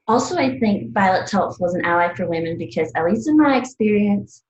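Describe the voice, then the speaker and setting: A woman's voice: mid-range voice, lively intonation, a little fast, echoey room, dull audio. A woman from the American South, an herbalist teacher, speaking in an earnest, reflective way and often laughing and acting out little bits of dialogue. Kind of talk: reflective casual talk.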